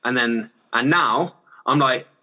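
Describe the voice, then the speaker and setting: A man's voice: medium pitch, slow pace, bright, forceful tone. A young man, a singer-songwriter talking casually as a podcast guest, rambling and laughing often with many restarts. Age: young adult.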